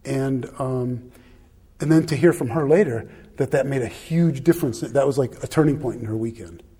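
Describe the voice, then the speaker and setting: A man with a husky edge to his voice shares a long personal anecdote. He rambles, restarts and chuckles at his own expense. The tone is casual and unpolished. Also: medium pitch, normal speed, mellow. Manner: rambling, self-deprecating, laughs often. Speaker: husband sharing a personal story. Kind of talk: casual storytelling.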